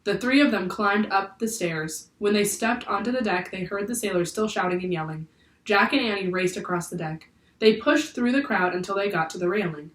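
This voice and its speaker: A woman teacher reading a children's book aloud in clear, steady storytelling. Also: mid-range voice, normal speed. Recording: echoey room, far from the mic.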